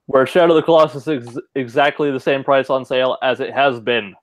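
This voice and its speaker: A man co-hosting a casual online chat, relaxed and quick to laugh. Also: medium pitch, no room sound, rough recording. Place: online video call.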